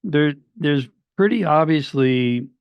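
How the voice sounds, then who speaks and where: A male podcast host with a smooth, even-pitched voice reacts to his guest with short, admiring affirmations. The recording is dry and slightly dull. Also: takes it slowly, no room sound. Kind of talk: casual interview chat.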